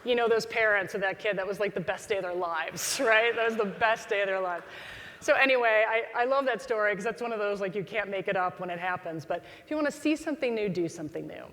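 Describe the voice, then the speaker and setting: Animated woman telling stories in a hall. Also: medium pitch, fast, a little hiss or hum. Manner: animated storyteller, acts out quoted voices. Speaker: keynote speaker. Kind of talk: storytelling talk to a live audience. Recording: long hall reverb.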